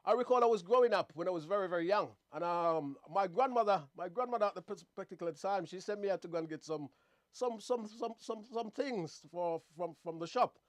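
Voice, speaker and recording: A man's voice: high voice, a little fast, no echo. A man hosting a casual monologue show, rambling and repeating words as he talks to his viewers. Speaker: host.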